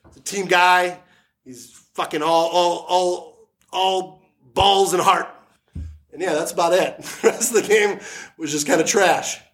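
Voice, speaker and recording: A man's voice: fairly high pitch, fairly bright tone. A man hosting a casual sports podcast, joking crudely and laughing often. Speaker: podcast host.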